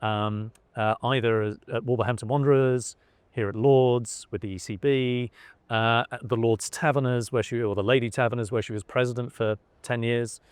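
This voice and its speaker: A man's voice: medium pitch, fairly even intonation, moderate pace, smooth, dry recording. A middle-aged man from England, talking in an interview with many fillers and restarts. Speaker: interviewee, son of a cricketer. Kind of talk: conversational interview.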